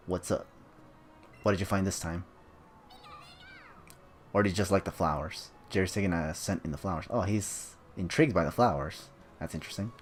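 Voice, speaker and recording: A man with a low voice chats casually while playing a video game. He rambles offhandedly and drops joking asides as he goes. Faint game music runs quietly beneath his talk. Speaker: gameplay commentator. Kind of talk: casual let's-play commentary.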